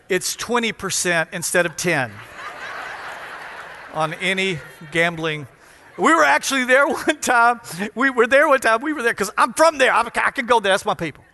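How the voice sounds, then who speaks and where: A man's voice: high-pitched, bright, forceful tone, slight background noise. A middle-aged man from Louisiana preaching a sermon as pastor, joking and teasing the congregation between emphatic points. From Louisiana, USA. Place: large church in front of a congregation. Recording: reverberant church hall.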